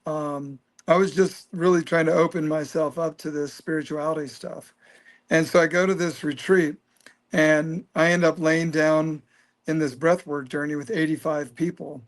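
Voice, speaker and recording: A man in his fifties telling a personal story as an interview guest, earnest and animated. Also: fairly high pitch, normal speed. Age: 50s.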